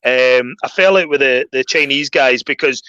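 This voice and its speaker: Scottish guy chatting, bright voice, dry dull lo-fi sound, gets worked up telling stories. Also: medium pitch, moderate pace, smooth, dry recording. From Scotland. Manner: animated storyteller, voice jumps up when ranting. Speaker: guest. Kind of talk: casual chat.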